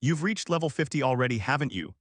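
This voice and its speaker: A man's voice: medium pitch, animated, quick pace, no room sound, studio quality, lightly acted. A man reading a stern bossy young guildmate.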